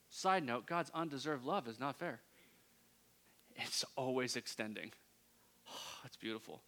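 A man preaching a sermon, moving between hushed, intimate passages and loud, impassioned pleading. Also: medium pitch, animated, a little slow, pauses often.

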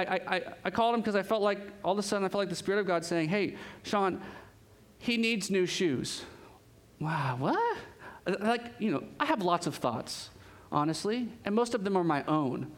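A man preaching a sermon as pastor, telling stories in an animated way with laughs and quick asides. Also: high voice.

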